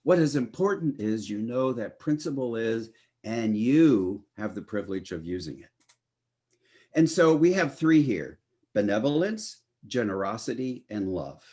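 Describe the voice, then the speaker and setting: Unhurried man preaching a lively sermon. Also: mid-range voice. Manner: expressive, rising and falling delivery with drawn-out emphasis. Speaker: minister.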